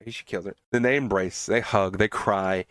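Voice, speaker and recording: A man's voice: fairly low pitch, steady tone, normal speed, fairly bright tone, dry recording. Exasperated man recapping a movie, dry sound. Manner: exasperated, swears for emphasis, restarts often. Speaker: podcast host reviewing films. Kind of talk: casual spoken movie recap and review.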